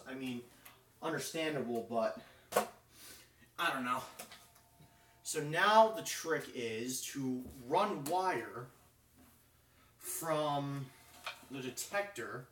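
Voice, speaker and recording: A male live streamer into fire alarms chats casually and works with his hands, thinking aloud in a rambling manner heavy on fillers. His voice is a little high and fairly bright, captured with roomy echo and a slight hiss or hum.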